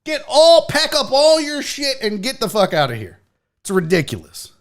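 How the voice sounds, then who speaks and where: A man's voice: very high-pitched, big pitch swings, normal speed. A man in his forties hosting a show, delivering a heated, profane rant and mocking others in put-on voices. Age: 40s. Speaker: show host. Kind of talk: livestream rant.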